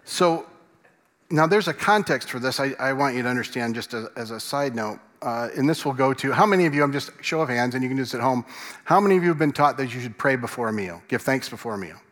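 A man's voice: mid-range voice, animated, fast, fairly bright tone. A man preaching a sermon as a pastor, conversational and asking the congregation questions. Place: church sanctuary. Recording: long reverb in a large hall.

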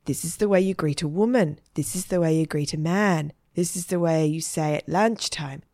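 A woman's voice: deep voice, moderate pace, a little mellow, dry recording, clean studio sound, close to an everyday voice. A woman voicing a patient French teacher reciting greetings in a sing-song way. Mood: instructive.

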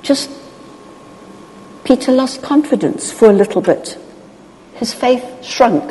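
A woman preaching a sermon, expressive, acting out the voices of people in the story. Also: fairly high pitch, slow, pauses often, slight background noise. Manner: expressive, acts out Bible voices. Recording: long hall reverb.

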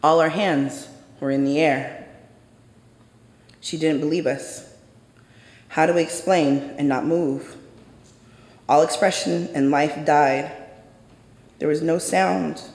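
Gravelly man telling a story on stage. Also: on the high side, fairly even intonation, takes it slowly, pauses often, a little mellow. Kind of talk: dramatic storytelling monologue. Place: theater stage. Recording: echoey hall with long reverb.

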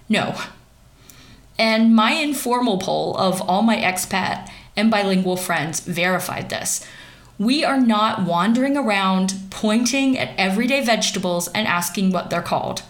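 A woman's voice: medium pitch, normal speed. Woman, young adult, sardonic gossip commentator, wry and sarcastic. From central Pennsylvania, US.

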